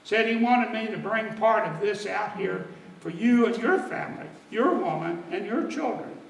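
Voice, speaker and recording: A man's voice: sits high, lively intonation, moderate pace, vocal fry, reverberant, far from the mic, a little hiss or hum, low-quality recording. A man voicing a jolly rural farmer father, hearty and exclaiming.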